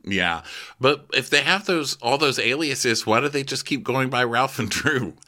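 A man's voice: mid-range voice, animated, pushed and bright. A man co-hosting a podcast, chatting casually and joking through a TV recap, often laughing. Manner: quick, joking, breaks into laughs. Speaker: podcast co-host.

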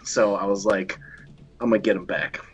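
A man's voice: lowish voice, fairly even intonation, moderate pace, breathy edge, muffled recording. A man telling a story in casual chat as a guest, acting out quoted lines and swearing freely. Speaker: guest wrestler.

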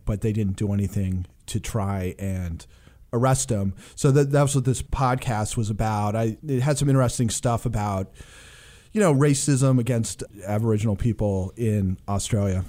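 A man's voice: fairly low pitch, normal speed, mellow. A man on a crime-writers' podcast panel, summing up a true-crime podcast plainly. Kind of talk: casual podcast chat.

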